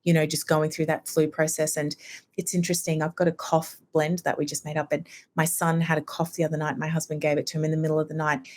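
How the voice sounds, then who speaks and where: Chatty low-voiced woman explaining remedies. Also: flat delivery, fast, darkish tone. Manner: chatty, explanatory, acts out quoted people. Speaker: homeopath guest. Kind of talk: casual podcast interview.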